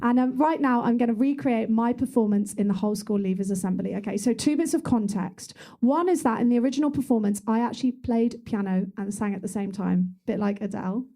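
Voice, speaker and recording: A woman's voice: a little high, a little fast, hardly any pauses, mellow. Chatty woman comic on stage. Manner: chatty, self-mocking, breaks into song. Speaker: stand-up comedian. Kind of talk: musical stand-up comedy. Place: small comedy club stage with audience. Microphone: wireless handheld mic. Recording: live room recording with music and crowd.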